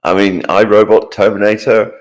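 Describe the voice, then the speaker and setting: A man co-hosting a live stream, relaxed, reading out viewer comments and answering them. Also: fairly low pitch, normal speed. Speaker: co-host. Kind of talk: casual live-stream chat.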